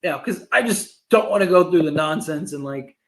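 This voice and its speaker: A man hosting a casual livestream, ranting with lots of filler words and quick asides. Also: a little high. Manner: animated, filler-heavy, rapid asides. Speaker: sports fan livestream host. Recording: echoey room sound.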